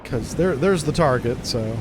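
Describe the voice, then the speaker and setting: A man streaming a game, chatting casually and joking as he thinks out loud. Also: medium pitch, expressive, measured pace, background noise. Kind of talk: casual gameplay commentary.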